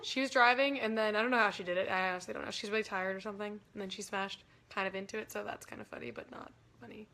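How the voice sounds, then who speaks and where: A woman's voice: medium pitch, fairly even intonation, racing, creaky, sharp tone. A young woman hosting a casual livestream, chatty and giggly, rambling through stories. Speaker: livestream host.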